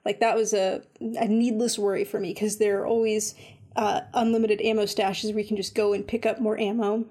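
A woman chatting casually about a game she has been playing, full of "like" and "um", animated when she retells her own reactions. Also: mid-range voice, brisk. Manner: chatty, lots of fillers like "like" and "um". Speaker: video game reviewer. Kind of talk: casual chat.

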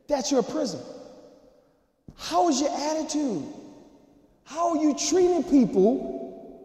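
Male pastor, very high voice, fiery sermon delivery that swings between shouting and quiet asides, reverberant sanctuary sound. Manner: emphatic preaching, swinging from shouts to low asides. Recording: echoey hall reverb.

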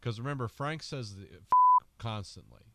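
A man co-hosting a film podcast, rambling and joking, sometimes shouting out quoted lines. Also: on the low side, sing-song, normal speed, vocal fry, very noisy. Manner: rambling, jokey, acts out lines in loud bursts. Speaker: podcast co-host. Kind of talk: casual film discussion.

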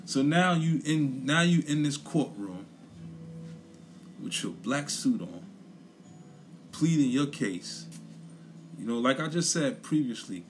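A man's voice: mid-range voice, lively intonation, slow, pauses often, slight background noise. A young man gives a blunt, profane opinion rant in casual chat, repeating his points for emphasis. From Brooklyn, New York. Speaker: commentator.

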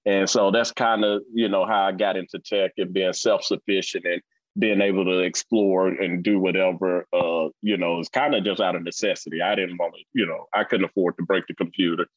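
A blunt man in his forties with a Mississippi accent tells stories in a casual interview, talking fast and animated. The recording is dry with no room sound and a dull, lo-fi tone. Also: low-pitched, no echo. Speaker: guest.

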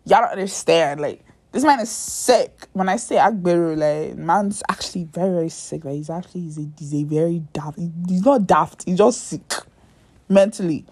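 A woman's voice: lowish voice, moderate pace, darkish tone, husky. A young woman hosting a podcast, telling a dating story to her listeners in a blunt, profane, dramatic way, sometimes dropping to a near-whisper for asides.

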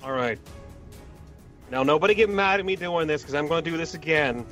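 Man, tabletop player, high bright voice, very lively, excitable, faint music. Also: a little fast. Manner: excitable and hammy, hypes his own moves. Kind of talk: casual tabletop game chat.

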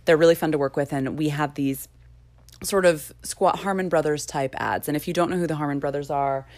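A woman's voice: sits low, fairly even intonation, a little fast, darkish tone. A young woman hosting a podcast in casual chat, talkative and prone to tangents, laughing often. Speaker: podcast host.

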